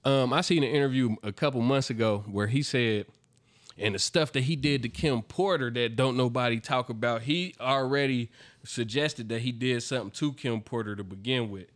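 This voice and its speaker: A young man hosting a podcast in casual chat, loud and swearing freely as he reads excerpts aloud. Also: medium pitch, normal speed, dry recording. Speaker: podcast host.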